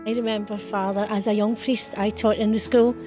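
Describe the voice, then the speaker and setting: A former teacher recalling a priest, affectionate and laughing. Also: female voice, medium pitch, flat delivery, fairly quick, over music. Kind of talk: casual recollection.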